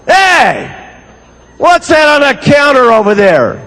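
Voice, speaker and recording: A man acting out a grumpy, beer-drinking husband who yells scornfully. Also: very high voice, big pitch swings, slow pace, big-room sound, pitched above the performer's own voice, full character voice. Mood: scornful, yelling. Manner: shouting, scornful.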